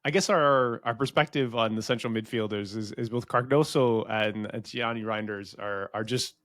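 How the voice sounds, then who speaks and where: A man's voice: lowish voice, normal speed, fairly bright tone, no room sound, studio quality. An American man co-hosting a podcast, talking frankly in casual chat, swearing now and then and often restarting his sentences. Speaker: podcast co-host.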